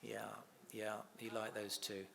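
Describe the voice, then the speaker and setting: A man's voice: fairly low pitch, monotone, unhurried, gravelly, pushed and bright. A middle-aged man shares stories about his father in a chatty interview. He laughs often and acts out the quotes as he goes. A faint noise sits under the recording. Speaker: interviewee, son of a comedian. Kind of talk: anecdotal interview chat.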